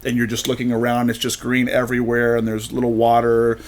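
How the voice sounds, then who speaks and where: A man's voice: medium pitch, monotone, fairly quick. A man from the United States hosting a podcast, chatting casually and acting out the people he met. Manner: rambling storyteller, quotes people in voices. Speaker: podcast host. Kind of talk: casual chat.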